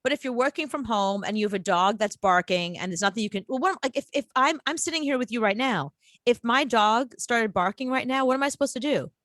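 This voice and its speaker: A woman with a higher voice that rises and falls freely, co-hosting a casual radio talk show. She tells stories expressively, laughs, and acts out the voices of the people in them, recorded close and dry. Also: a little fast, dry recording. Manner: expressive storyteller, laughing, acting out quotes.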